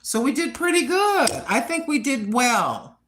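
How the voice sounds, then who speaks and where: A woman's voice: high-pitched, big pitch swings, unhurried, a bit bright, slight background noise, low-quality recording. An older American woman chatting casually and rambling to her viewers at home. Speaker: vlogger. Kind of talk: casual chat.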